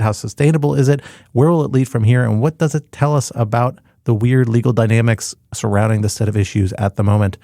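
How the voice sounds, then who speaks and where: A man's voice: medium pitch, fairly even intonation, brisk, warm tone, dry recording, studio quality. A middle-aged man co-hosting a current-affairs podcast, running through the topics with playful puns. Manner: playful, punning topic rundown. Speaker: podcast co-host. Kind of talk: casual panel discussion.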